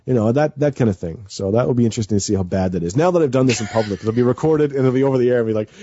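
A man's voice: mid-range voice, racing, mellow, no room sound, dull audio. A man chatting as a guest on a radio show, nervous and rambling with many fillers and restarts. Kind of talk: casual chat.

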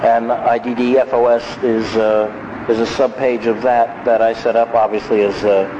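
A man's voice: mid-range voice, flat delivery, moderate pace. Rambling man podcasting outdoors, street noise. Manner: chatty, self-deprecating, rambling with restarts. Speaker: podcast host. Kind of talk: casual rambling monologue. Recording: dull lo-fi sound with street noise.

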